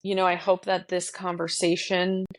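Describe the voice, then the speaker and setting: A woman's voice: lowish voice, monotone, moderate pace, no room sound. A woman with a North Jersey accent, hosting a casual podcast chat in a reflective, searching way with many fillers. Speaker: podcast host.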